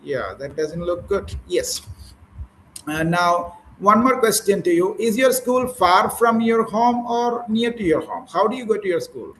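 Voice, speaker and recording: A man's voice: high-pitched, animated, unhurried, fairly bright tone, a little hiss or hum, low-quality recording. A man with an Indian English accent, leading an online speaking practice for teachers, asking patient questions and correcting pronunciation.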